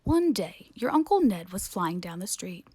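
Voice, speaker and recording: A woman reading a children's picture book aloud with playful, expressive narration. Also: mid-range voice, normal speed, breathy edge. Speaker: storybook reader.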